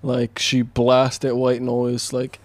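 A man's voice: medium pitch, monotone, slow, no echo. A man in his thirties co-hosting a podcast, talking in a loose, rambling way with lots of fillers and swearing. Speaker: podcast co-host. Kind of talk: casual chat.

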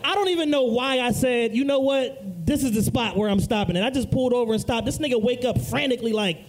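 A man with a very high voice, co-hosting a podcast taped live at a comedy club. He tells profane stories in a loose, joking way. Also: fast, low-quality recording. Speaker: podcast co-host.

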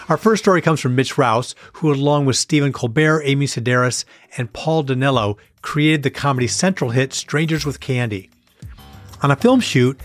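A man hosting a podcast, reading a scripted introduction in an upbeat announcer manner. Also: mid-range voice. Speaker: podcast host.

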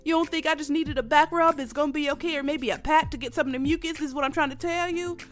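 A woman's voice: high voice, fairly even intonation, quick pace, faint music behind. A woman hosting a casual solo podcast while sick and coughing, candid and rambling, laughing often and calling her listeners y'all. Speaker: podcast host.

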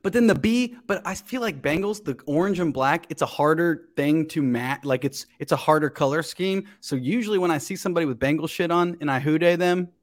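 A man chatting casually on a podcast, an animated storyteller who swears freely. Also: a little high, fairly quick, few pauses. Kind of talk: casual chat.

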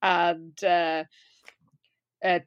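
A woman's voice: fairly low pitch, little pitch movement, drawn-out words, clear, resonant tone, no echo, muffled recording. A woman co-hosting a podcast, chatting casually, laughing often and acting out quotes. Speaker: podcast co-host. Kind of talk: casual chat recapping an episode.

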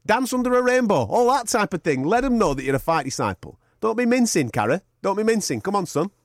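A man's voice: sits high, fast talker, no room sound, clean studio sound. A man co-hosting a podcast, teasing and joking in casual banter. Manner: teasing, animated, jokey. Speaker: podcast co-host.

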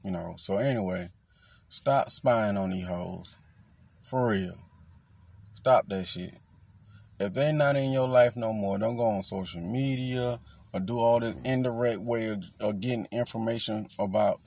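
A man's voice: fairly low pitch, moderate pace, creaky, a little mellow. A man hosting his own podcast, giving a blunt, profane, lecturing solo rant. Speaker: podcast host.

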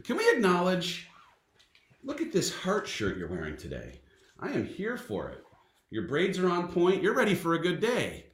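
A man in his thirties hosting a casual vlog, playful and excitable as he chats. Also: high-pitched, normal speed. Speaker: vlog host and first-time author. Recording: echoey room.

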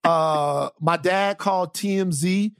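A man co-hosting a podcast in a casual comedic chat, telling lively stories and acting out voices. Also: high voice, slow, clean tone, dry recording, studio quality. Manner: animated storyteller, acts out voices. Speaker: podcast co-host.

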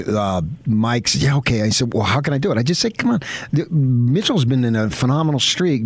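A man's voice: on the low side, dry recording. A man hosting a morning sports radio show, telling long rambling stories and asking questions with eager enthusiasm. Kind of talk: casual sports radio talk.

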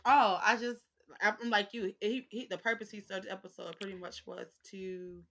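A woman's voice: mid-range voice, steady tone, dry recording. A young woman co-hosting a podcast, chatting about a TV episode and teasing her host. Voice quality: bright, quick reactions and teasing. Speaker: guest co-host. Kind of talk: casual TV recap chat.

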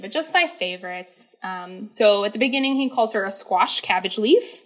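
A woman's voice: mid-range voice, expressive, moderate pace. A woman co-hosting a podcast, chatting casually and giggling often, with plenty of "like" and "um". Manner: giggly, chatty, many "like" and "um" fillers. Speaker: podcast co-host. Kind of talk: casual chat about musicals.

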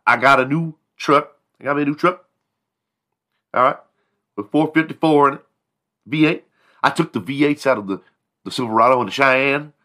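A man voicing a bragging redneck teenage boy who drawls out tall tales in a fast, boastful patter. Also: medium pitch, sharp tone, pitched above the performer's own voice, close to an everyday voice.

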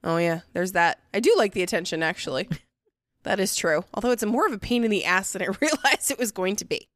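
A woman co-hosting a casual podcast, sarcastic and quick to laugh, swearing casually as she banters at a friend's house. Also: mid-range voice, animated, a bit bright, no echo, studio quality. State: sensitive stomach. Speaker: podcast co-host. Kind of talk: casual chat.

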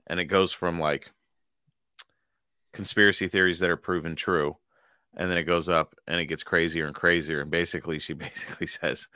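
Deep-voiced, profane podcast co-host. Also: male voice, brisk, pushed and bright, no room sound, studio quality. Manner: profane, laughing often. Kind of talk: casual chat.

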